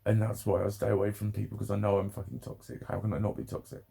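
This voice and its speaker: A man speaks in a low, gravelly voice with a dark, mellow tone. He rambles emotionally through a personal vlog, close to tears, laughing often and swearing freely. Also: flat delivery, fast. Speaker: vlogger.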